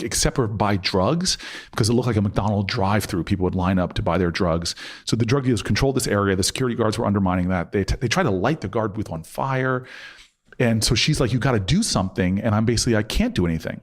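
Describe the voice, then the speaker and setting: A man in his forties telling a personal story in a casual interview, acting out both sides of the argument. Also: lowish voice. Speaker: podcast guest.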